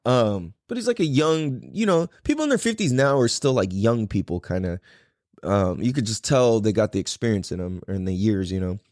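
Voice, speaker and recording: Podcast dude rambling thru a story, like like like, dry close sound. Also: male voice, fairly low pitch, expressive, fairly quick, a little mellow, no room sound. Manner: rambling, lots of fillers and "like"s. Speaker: podcast host. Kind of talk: casual solo storytelling.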